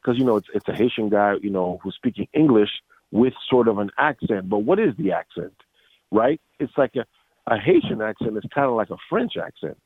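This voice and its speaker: Casting note: lower-voiced man, lively storyteller, dry phone-like audio. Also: a little fast, slightly rough, dry recording. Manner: animated storyteller, acts out quotes, many restarts. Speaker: voice actor guest. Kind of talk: casual interview. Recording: dry tinny phone-like line.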